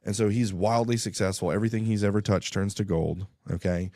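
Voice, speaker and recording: A man's voice: fairly low pitch, steady tone, a little fast, warm tone, dry recording, studio quality. A man, a radio guest, telling a story in casual talk and acting out both sides of phone calls.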